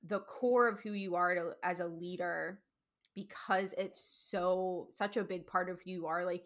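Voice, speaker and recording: A woman hosts a podcast in a casual, chatty way, affirming her guest with enthusiasm. She fills her speech with casual filler words, and her voice sits at a middle pitch. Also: fairly bright tone. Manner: affirming and enthusiastic, many "mm-hmm"s and "like"s. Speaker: podcast host. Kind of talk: casual interview chat.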